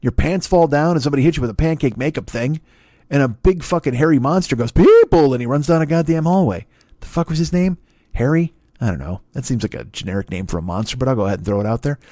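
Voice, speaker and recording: A man's voice: medium pitch, fast talker, mellow, no room sound, clean studio sound. A man in his forties doing a rambling, profane comedy monologue as the host of his own solo show, tangling up his sentences and breaking off into asides. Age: 40s. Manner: profane, riffing, self-interrupting with asides and laughs. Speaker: comedian hosting a solo podcast. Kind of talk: rambling stand-up style monologue.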